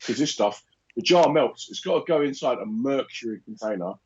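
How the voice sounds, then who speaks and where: A man co-hosts a relaxed chat and tells lively, exaggerated stories, slipping into other people's voices as he goes. His pitch moves up and down a good deal. The recording sounds a little muffled and lo-fi. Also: brisk. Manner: animated storyteller, acts out other people's lines. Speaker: podcast co-host. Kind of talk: casual chat.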